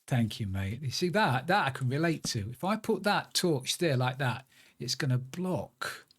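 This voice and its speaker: A man's voice: medium pitch, expressive, moderate pace, fairly bright tone, slightly rough. A man streaming a building game, muttering to himself as he works and chatting in asides. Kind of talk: casual live-stream chat while playing.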